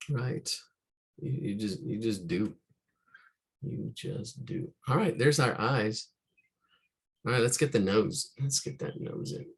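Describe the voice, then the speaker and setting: Gravelly man talking through a drawing. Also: fairly low pitch, unhurried, long pauses. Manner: relaxed, talks through each stroke, counts aloud; muttering asides, trails off often. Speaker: art instructor. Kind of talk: live drawing demonstration.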